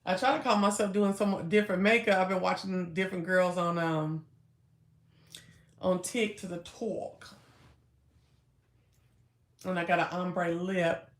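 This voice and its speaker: A woman's voice: on the low side, steady tone, a little slow, pauses often. A woman in her thirties, chatting casually on a livestream and answering viewers' comments with laughs and asides. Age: 30s. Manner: chatty, laughing, talking back to chat. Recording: echoey room.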